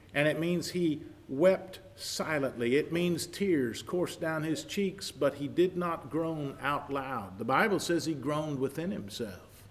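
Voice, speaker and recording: A man preaching a sermon, swinging from hushed, slow lines to loud, rising declarations. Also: on the high side. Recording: long hall reverb.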